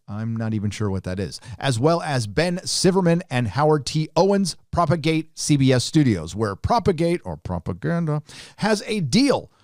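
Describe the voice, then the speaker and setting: A man's voice: medium pitch, darkish tone, dry recording, studio quality. Sarcastic man ranting over a news article. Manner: sarcastic, scoffing asides. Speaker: commentary channel host. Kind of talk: mocking commentary reading a news article.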